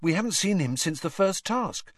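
A man's voice: sits high, expressive, moderate pace, husky, no echo, clean studio sound, pitched above the performer's own voice. A man voicing an earnest, curious teenage schoolboy who sometimes mutters.

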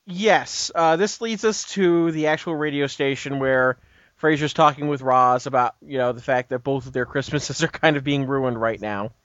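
A man's voice: medium pitch, moderate pace, a bit bright, no echo. A man co-hosting a podcast, casually retelling an episode in a rambling way with lots of "you know" and "uh". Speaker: podcast co-host. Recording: dull, dry lo-fi audio.

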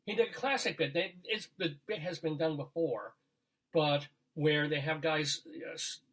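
Man, husky voice, fairly high pitch, casual talk host, rambling, laughs at own jokes. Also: normal speed, fairly bright tone. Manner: rambling, jumps between topics, laughs at his own jokes. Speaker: radio show host. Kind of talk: casual chat.

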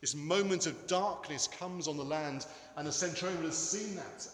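A man preaching a sermon in a church, earnest and emphatic, with dramatic pauses. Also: on the high side, fairly bright tone. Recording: echoey hall with long reverb.

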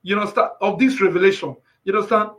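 A man who works in the music industry gives an emotional personal testimony, close to tears, in a high, fast voice. He keeps asking "you understand?" and bursts into shouted praise.

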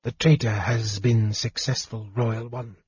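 A man's voice: medium pitch, fairly even intonation, a little slow, slightly rough, no echo, highs cut off. Man doing a whispering reptilian messenger. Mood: secretive. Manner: whispers softly.

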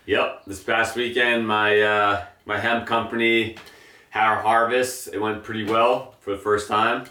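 Set back from the microphone in an echoey space, a young man with a very deep voice talks at a measured pace about growing for a living. As a guest in a casual interview, he rambles easily and uses many fillers.

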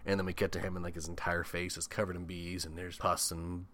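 A man's voice: deep voice, little pitch movement, fast, fairly bright tone. A man casually recapping a horror film, swearing often, chuckling and tossing in comic asides. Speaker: podcast host.

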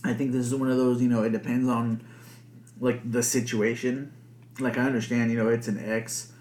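A man's voice: medium pitch, level tone, moderate pace, darkish tone. A young man hosting a podcast alone, rambling casually with lots of swearing and filler words. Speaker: podcast host. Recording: echoey room.

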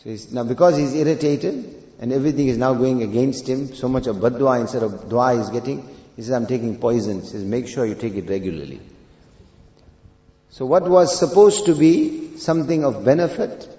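Male preacher, sermon with a story, emphatic loud peaks, booming hall, dull lo-fi sound. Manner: rises to loud emphatic peaks, recites Arabic verse. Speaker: Islamic preacher.

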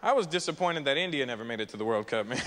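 Bright-voiced young comedian on stage. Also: male voice, mid-range voice, fast talker. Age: young adult. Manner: lively, punchy, jumps into voices. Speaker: stand-up comedian. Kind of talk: stand-up comedy set. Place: large festival stage. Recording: echoey hall, light hiss.

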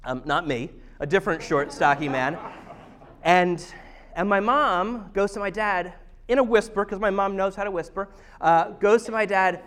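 A man's voice: sits high, normal speed, a bit bright. A man in his thirties, a pastor, preaching a conversational, self-deprecating sermon with storytelling. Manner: chatty, self-deprecating, humorous. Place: church service.

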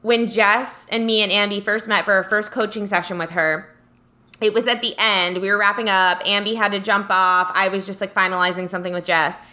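A woman co-hosting a podcast tells a story in casual chat, animatedly acting out the voices of the people she quotes. She speaks a little fast at a medium pitch.

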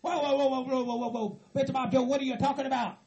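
A man voicing a level-headed hillbilly friend who pleads patiently and tries to calm everyone down. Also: extremely high pitch, fast, creaky, muffled recording, slight background noise. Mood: pleading. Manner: patient, pleading, repeats "Mister Bob Joe". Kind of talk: hobby comedy skit acting.

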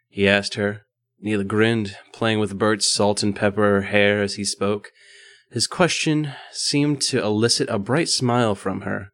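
A male podcast host with a fairly low voice reads a story aloud in a casual, unpolished way, tripping over words and going back to fix them. The recording is dry and close. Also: level tone, unhurried, a bit bright, dry recording. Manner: reads with frequent stumbles and asides.

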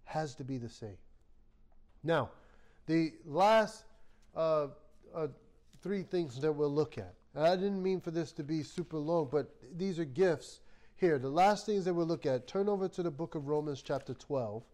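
A man preaching a sermon as a Bible study teacher, telling stories with lively acted-out quotes. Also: a little high, measured pace. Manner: animated storytelling, acts out quoted voices. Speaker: pastor.

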